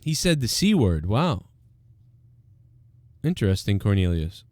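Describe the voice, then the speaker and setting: A man's voice: fairly low pitch, very animated, a little slow, warm tone, no echo. A man hosting a casual live Q&A stream, rambling and thinking aloud with lots of fillers. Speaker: livestream show host.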